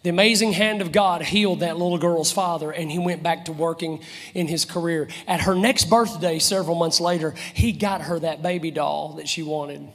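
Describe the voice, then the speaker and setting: A man's voice: a little high, fairly even intonation, moderate pace, a bit bright. A man preaching an impassioned sermon, repeating phrases and dropping to whispers. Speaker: pastor. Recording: live sermon in a reverberant church.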